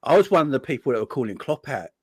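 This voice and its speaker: Man, football fan chat host, calm, conciliatory, mid-pitched, dry close sound. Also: very fast, slightly rough, dry recording. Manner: calm, conciliatory, laid-back.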